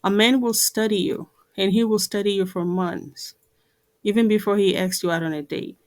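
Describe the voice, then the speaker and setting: A woman's voice: mid-range voice, fairly even intonation, normal speed. Woman, earnest talk to camera, repetitive phrasing, filler-heavy speech. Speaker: vlogger.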